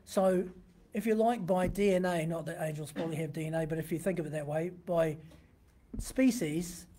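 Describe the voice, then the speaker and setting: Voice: medium pitch, fairly even intonation, moderate pace, dark tone. A pastor giving a sermon, teaching conversationally from a printed text and often asking the listeners rhetorical questions.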